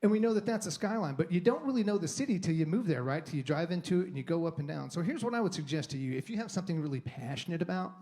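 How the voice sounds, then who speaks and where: A man's voice: fairly high pitch, lively intonation, very fast, hardly any pauses, mellow. Conversational man giving a guest sermon. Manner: conversational, rambling with restarts and acted inner monologue. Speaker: guest speaker. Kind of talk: sermon talk. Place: church sanctuary.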